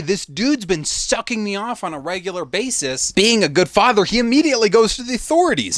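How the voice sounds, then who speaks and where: A young man recounts a dark story in a loose, profane style and keeps breaking off into joking asides. His voice sits a bit high and swings widely in pitch. The sound is dry and close. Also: no room sound. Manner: rambling, crude, joking asides, self-deprecating. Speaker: true-crime storyteller.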